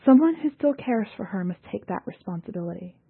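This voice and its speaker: A woman's voice: medium pitch, animated, brisk, gravelly, slightly rough. A woman reading an audiobook voices a desperate, wounded female starship pilot protecting her unborn daughter, with pleading, strained lines. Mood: weary. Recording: tinny phone-like audio.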